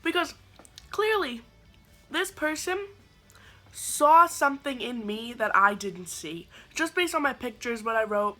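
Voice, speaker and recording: A woman in her twenties telling a dating story to camera, animated and sarcastic, acting out her own quoted lines. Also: fairly high pitch, a little slow, soft background music. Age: 20s. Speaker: vlogger. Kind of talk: storytelling vlog.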